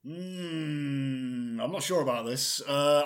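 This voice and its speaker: A man's voice: on the high side, normal speed, a bit bright. A man co-hosting a podcast, chatting casually and jokily, rambling with lots of hesitations. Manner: jokey, rambling, hesitant with many fillers. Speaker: podcast co-host. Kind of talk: casual comedic chat.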